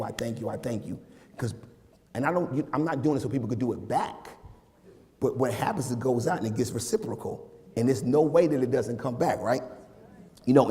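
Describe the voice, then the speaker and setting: A male minister preaching a conversational, slang-laced sermon, speaking directly to his congregation in a church sanctuary. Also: medium pitch. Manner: casual, slangy, animated preaching with asides to the congregation. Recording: long hall reverb in a sanctuary.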